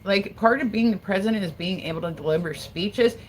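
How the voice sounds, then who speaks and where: A woman's voice: mid-range voice, a little fast, a little hiss or hum, low-quality recording. A woman from Delaware hosting a casual livestream, rambling and swearing as she talks. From Delaware, USA. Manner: profane, rambling, animated. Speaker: livestream host.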